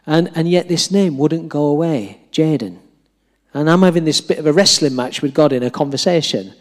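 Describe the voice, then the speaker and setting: A man's voice: on the high side, moderate pace. A middle-aged man preaching, telling a story animatedly and acting out the dialogue with self-deprecating humour. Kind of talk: storytelling sermon. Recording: long reverb of a large hall.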